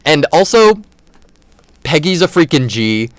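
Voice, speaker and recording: A man's voice: on the high side, very animated, measured pace, no room sound. A man hosting a podcast, chatting casually and enthusiastically, rambling with many fillers. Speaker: podcast host. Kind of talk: casual chat.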